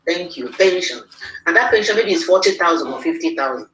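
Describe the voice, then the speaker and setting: A woman hosting a livestream interview, excitable and rallying her audience. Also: fairly low pitch, brisk, slight background noise. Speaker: host. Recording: echoey room, mic far off.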